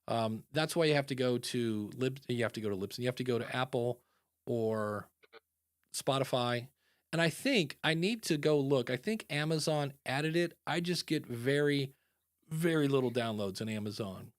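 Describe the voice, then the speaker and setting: A man hosting a podcast in casual chat, animated and acting out quoted voices. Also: medium pitch, moderate pace, no echo, studio quality. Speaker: podcast host.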